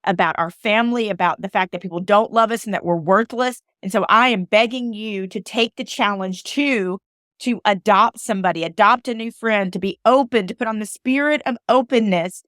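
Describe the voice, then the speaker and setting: Southern lady podcast host, earnest and emotional, preachy pleas, mid pitch, dry close sound. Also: moderate pace, fairly bright tone, dry recording. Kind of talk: heartfelt podcast monologue.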